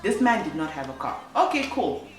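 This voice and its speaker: A woman's voice: low voice, sing-song, a little fast, far from the mic. A young woman telling a personal story on her vlog, chatty, with lots of fillers and self-corrections. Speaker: vlogger. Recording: echoey room, voice off-mic, faint music.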